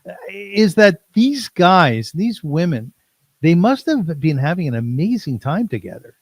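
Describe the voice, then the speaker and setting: Male host, interviewer, halting starts, high-ish voice, dry sound. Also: big pitch swings, dry recording. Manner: hesitant, repeats words when starting questions. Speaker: podcast host. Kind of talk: interview questions.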